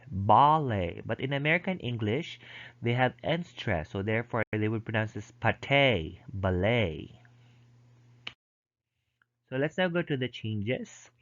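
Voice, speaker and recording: A man lecturing and explaining step by step, with frequent ums and restarts. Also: medium pitch. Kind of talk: recorded lecture. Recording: dull lo-fi recording.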